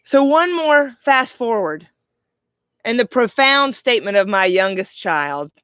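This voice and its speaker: A middle-aged woman life coach giving a heartfelt, reflective monologue, slowing down for emphasis. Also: on the high side, expressive, fairly bright tone, no room sound. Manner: heartfelt, slow and emphatic in places. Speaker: life coach, podcast host.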